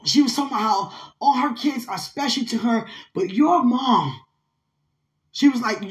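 A young woman pours out a heartfelt, spiritual message to her partner in a somewhat high voice. She is tearful at moments and swings from loud, emphatic bursts down to quiet, hushed asides. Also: animated, measured pace. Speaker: vlogger speaking to her partner. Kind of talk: emotional spiritual monologue.

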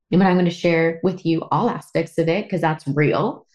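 A woman's voice: deep voice, moderate pace, few pauses, a little mellow. A woman hosting a solo podcast, talking candidly and emotionally, swearing casually, a little teary. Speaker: podcast host. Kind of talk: personal solo podcast monologue.

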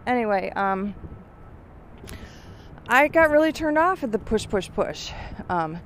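A fairly high-pitched woman's voice with lively intonation and a measured pace carries a faint hiss or hum. She's middle-aged, musing aloud with lots of fillers on a walking vlog, a little breathless from the uphill climb and lungs weakened by years of smoking.

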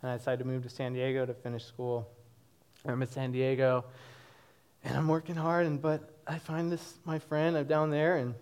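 A church congregation hears a young man in his twenties deliver his personal testimony, animated and often laughing. He has a clean, mid-range voice and speaks at a moderate pace.

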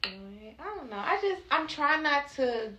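A woman's voice: high voice, animated, measured pace, roomy sound, a crowd in the background. A woman co-hosting a podcast, chatting candidly and bluntly in casual slang. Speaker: podcast co-host. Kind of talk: casual chat.

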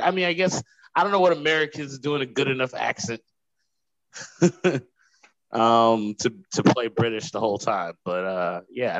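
A man's voice: medium pitch, fairly bright tone, no echo, poor audio. A young man co-hosting a podcast, arguing his opinions casually with curse words and restarts. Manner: opinionated, profane, hesitant restarts. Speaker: podcast co-host. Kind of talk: casual chat.

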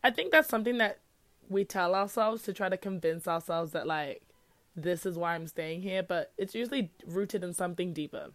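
A woman's voice: lowish voice, normal speed, no room sound. A young woman hosting a faith-based talk, speaking earnestly and firing off rhetorical questions in a casual teaching style. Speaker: podcast host.

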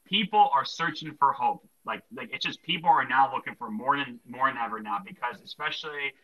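A man's voice: mid-range voice, brisk, sharp tone, rough recording. A young man hosting a casual Christian podcast, talking earnestly and rambling with lots of fillers and restarts. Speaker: podcast host.

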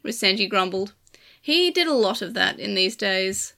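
A woman narrating a game's story chapter aloud in a steady, measured reading. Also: mid-range voice, vocal fry.

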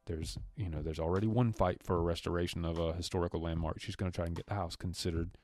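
A podcast co-host loosely recaps a film, acting out characters' lines in a rambling chat with many restarts. His low voice moves fast with fairly even intonation and a slightly mellow quality, over soft background music.

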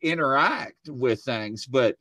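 Male host, storytelling, animated, dry close sound, mid pitch. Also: takes it slowly, no echo. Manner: animated storyteller, acts out quotes. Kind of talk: casual chat. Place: home studio.

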